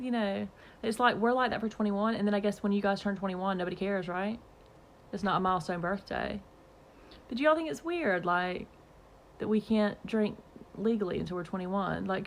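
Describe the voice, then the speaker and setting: A vlogger from Georgia, USA, chats casually to the camera in a medium-pitched voice, throwing playful questions at her viewers and cursing now and then. There's a little hiss or hum on the recording.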